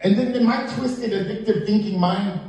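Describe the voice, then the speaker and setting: A man's voice: high-pitched, moderate pace, a little mellow. Man telling stand-up, echoey distant room. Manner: storytelling, acts out jail conversations with shifting voices. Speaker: stand-up comedian. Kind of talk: stand-up comedy set. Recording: echoey club heard from a distance.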